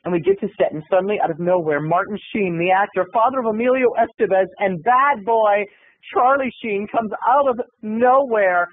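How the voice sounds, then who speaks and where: Brief: high-voiced male comic vlogger, hammy storyteller, dry phone-quality sound. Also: normal speed, dry recording. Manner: over-the-top, dramatic storytelling. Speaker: comedy video blogger.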